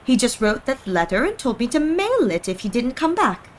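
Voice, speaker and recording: A woman's voice: fairly high pitch, sing-song, normal speed. Woman voicing a chatty young shopkeeper woman. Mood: friendly.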